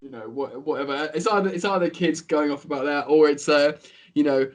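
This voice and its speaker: Guest with a fairly high voice on a call: chatty, rambling, full of "like" and "you know". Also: male voice, a little fast. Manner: rambling, animated, many fillers. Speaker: podcast guest. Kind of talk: casual online football chat.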